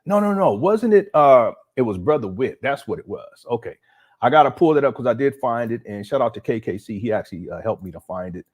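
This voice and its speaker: Animated laughing man hosting a livestream. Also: medium pitch, brisk. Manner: animated, laughing, incredulous reactions. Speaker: livestream host. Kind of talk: casual live-stream commentary.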